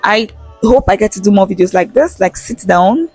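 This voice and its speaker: A woman's voice: mid-range voice, animated, moderate pace, a little mellow, faint music behind. Chatty Nigerian woman talking into her phone. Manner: chatty and frank, swears freely, laughs often, slips into pidgin. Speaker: vlogger. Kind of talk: casual chat to camera. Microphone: phone held in hand with small attached mic.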